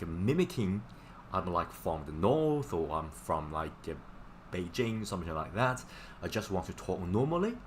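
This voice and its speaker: Male Chinese tutor on a live stream, slightly low voice, loose filler-heavy delivery, faint hum behind. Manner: casual, filler-heavy explaining, repeats words for drilling. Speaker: Chinese teacher. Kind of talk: live-stream language lesson.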